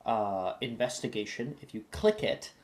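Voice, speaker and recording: A man serving as game master, explaining rules in a relaxed, instructive way. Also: on the low side, normal speed. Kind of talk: running a tabletop game.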